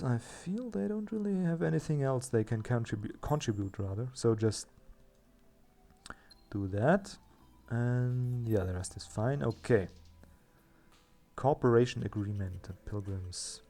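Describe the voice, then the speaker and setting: A man's voice: mid-range voice, unhurried, warm tone, faint music behind. A man hosting a let's play, chatting casually and thinking aloud as he plays, with a self-mocking manner. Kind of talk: casual gameplay commentary.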